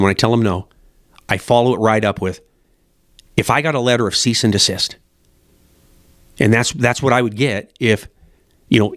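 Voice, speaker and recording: A man's voice: on the low side, no room sound, clean studio sound. A middle-aged man who runs a fly shop, talking in a blunt, profane, rambling way. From Montana, USA. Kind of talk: casual rambling monologue.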